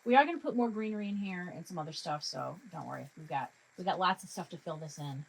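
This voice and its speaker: A woman's voice: fairly low pitch, expressive, fast, vocal fry, husky, low-quality recording. A woman hosting a live craft tutorial, chatting her way through each step and joking with her materials. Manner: jokey self-talk to her materials.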